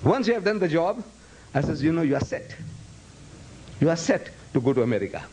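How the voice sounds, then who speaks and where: A man's voice: a little high, very animated, fairly quick, a little mellow, a little hiss or hum, low-quality recording. Emphatic male lecturer, repeating his points. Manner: emphatic, repeats phrases for effect; breaks into Arabic recitation. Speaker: Islamic lecturer. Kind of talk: public lecture to students.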